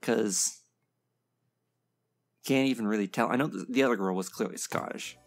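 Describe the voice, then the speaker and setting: A man's voice: lowish voice, normal speed, creaky. A man hosting a casual reaction video, giving blunt, opinionated commentary full of ums and short laughs. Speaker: video game reaction host.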